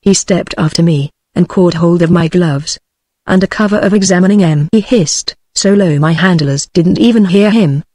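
A woman's voice: on the low side, normal speed, no echo. Synthetic British woman reading aloud. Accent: British English. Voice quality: synthetic, even machine read. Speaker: narrator. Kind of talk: text-to-speech audiobook narration.

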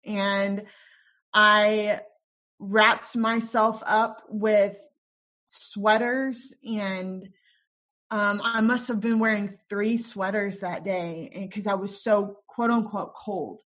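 Woman recounting her story, soft and halting. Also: medium pitch, fairly even intonation. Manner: tells her story with quoted dialogue, soft and halting with many ums. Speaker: interview guest. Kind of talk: personal story in a podcast interview.

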